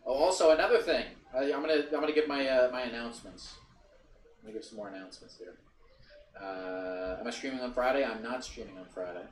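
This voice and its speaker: A man's voice: medium pitch, quick pace. A man chatting casually as a streamer, rambling, repeating himself and swearing now and then. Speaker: streamer and podcast guest. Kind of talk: casual chat. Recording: echoey room from far off, faint noise.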